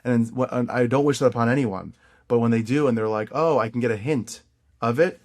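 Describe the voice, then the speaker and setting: A man hosting a podcast interview, talking in a warmly encouraging and playful way, often repeating phrases. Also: medium pitch, a little fast. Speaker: podcast host. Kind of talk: casual interview chat.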